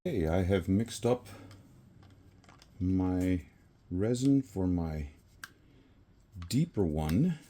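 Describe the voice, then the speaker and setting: Speaking extremely slowly with long pauses, a man with a low, dark, expressive voice talks casually through a resin pour in his home craft space, camera set on a tripod. He meanders, corrects himself and chuckles at his slips; a little hiss or hum is audible.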